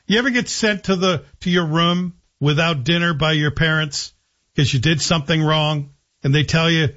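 A man's voice: fairly high pitch, moderate pace, a bit bright, dull audio. A man hosting a talk radio show, giving sardonic, opinionated commentary. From Scotland.

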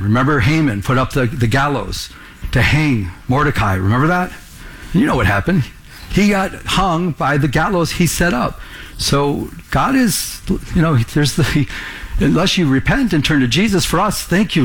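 A man's voice: on the high side, expressive, normal speed, fairly bright tone, husky. A man preaching a sermon to a congregation in the room, earnest, pressing them with rhetorical questions. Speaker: pastor.

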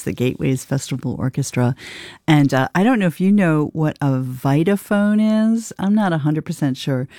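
A woman hosts a morning classical music radio show, chatty and upbeat as she pitches a pledge drive. Her voice is mellow and warm. The studio sound is close and dry. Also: no echo. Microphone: studio microphone.

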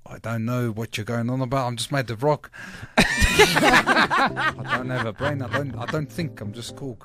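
A man's voice: mid-range voice, huge pitch swings, measured pace, pitched below the performer's own voice. A male radio host putting on a dopey New Zealand-accented rock creature voice, with music behind. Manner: laid-back, dopey.

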